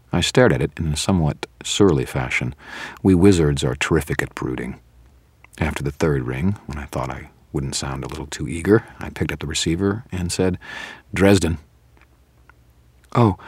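Low husky male audiobook narrator. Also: no echo. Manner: dry, wry storytelling. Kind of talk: first-person audiobook narration.

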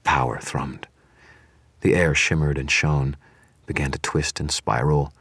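Very deep, husky male narrator. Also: steady tone, a bit bright, no room sound, clean studio sound. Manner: measured, dramatic storytelling. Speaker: audiobook narrator. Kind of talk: scripted narration.

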